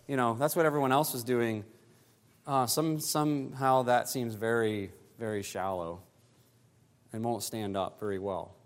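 A pastor preaching a sermon, climbing higher and louder to press his points and dropping soft and low to close them. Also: long reverb tail.

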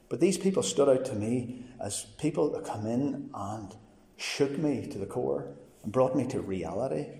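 A man's voice: mid-range voice, gravelly, warm tone. Earnest man preaching in an echoing hall. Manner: earnest storytelling, quoting others in dialogue. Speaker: preacher giving his testimony. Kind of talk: personal testimony sermon. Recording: reverberant hall.

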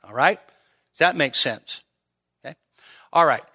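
Guy pastor teaching a midweek sermon, bright forceful voice, keeps asking "all right?". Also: fairly high pitch, lively intonation, measured pace, slightly rough. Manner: explanatory, checks in with the congregation often.

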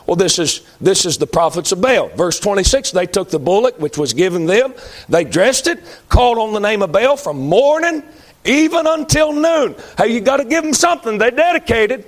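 A man's voice: high voice, expressive, normal speed. A man preaching a sermon in an emphatic, folksy way, repeating lines for effect.

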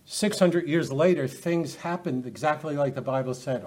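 A man's voice: fairly high pitch, moderate pace, a little mellow. A man teaching a Bible study lecture, earnest and emphatic, often restarting his phrases.

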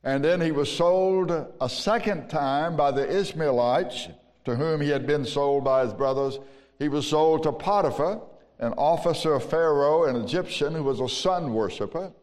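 A man with a Southern US accent preaching a sermon as pastor, slow and emphatic with long pauses. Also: on the high side, darkish tone. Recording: long reverb of a large hall.

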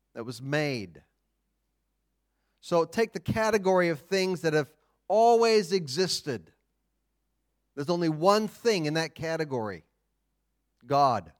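Slow, deliberate male preacher. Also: fairly high pitch. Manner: deliberate, emphatic teaching with pauses. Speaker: pastor. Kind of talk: sermon.

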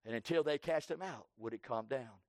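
A man preaching a sermon with fervor, swinging between loud cries and hushed tones and repeating his phrases for emphasis. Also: medium pitch, a little fast, dry recording, studio quality.

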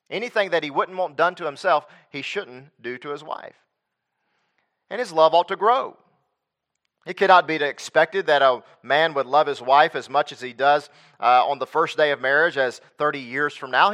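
A man's voice: on the high side, pushed and bright. A man preaching a sermon as pastor, emphatic, repeating his points, restarting phrases and asking the congregation for agreement.

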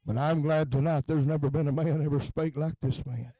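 A man preaching a revival sermon in a tent, moving between low, quiet talk and chanted, shouted peaks. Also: steady tone, brisk, no room sound, poor audio.

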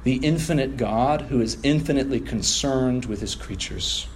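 A man's voice: mid-range voice, moderate pace, a little hiss or hum. Man preaching an emphatic sermon. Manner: preaching with emphatic rising stresses. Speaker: pastor.

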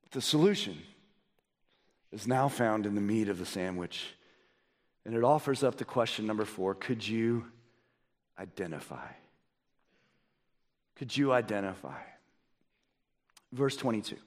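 A man preaching a sermon as pastor, asking the congregation rhetorical questions and swinging between loud emphasis and low, quiet delivery. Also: normal speed, pauses often, in a large hall.

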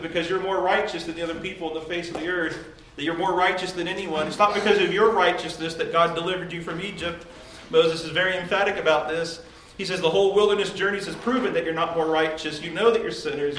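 Male pastor, emphatic devotional preaching, slightly high-pitched, recorded far off in a reverberant room. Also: fast talker, fairly bright tone, slight background noise. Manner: earnest, emphatic preaching with rhetorical questions. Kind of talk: devotional sermon.

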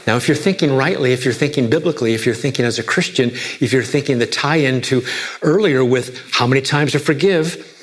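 A pastor delivers a sermon emphatically and briskly, posing rhetorical questions and swinging between soft low lines and raised high ones.

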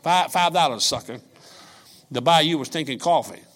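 An older man preaching a sermon, telling folksy stories and swinging from quiet asides to shouts. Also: on the high side, expressive, normal speed. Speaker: pastor.

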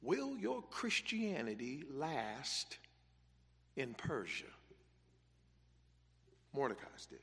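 A man's voice: on the high side, very animated, normal speed, big-room sound. A man preaching a sermon as pastor, driving points home through emphatic repetition.

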